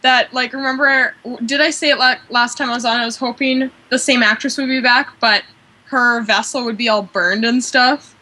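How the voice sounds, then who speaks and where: A woman's voice: fairly high pitch, fairly even intonation, moderate pace, pushed and bright. A woman chatting casually as a panelist on a fan show, bubbly and giggly, full of fillers.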